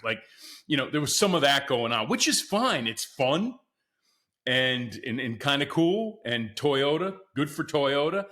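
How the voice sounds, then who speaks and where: Excitable man hosting a casual podcast. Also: medium pitch, measured pace. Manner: excitable, chatty, often addresses listeners as guys. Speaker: podcast host. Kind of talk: casual solo commentary.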